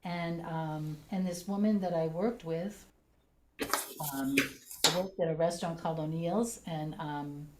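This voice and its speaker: Soft-spoken middle-aged lady, lowish voice, lots of ums, sharing a story in a roomy hall. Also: steady tone, unhurried, heavy background noise. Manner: gentle, hesitant, many fillers. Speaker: congregation member sharing. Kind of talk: heartfelt personal sharing in a group. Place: church meeting room, also on video call. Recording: echoey room.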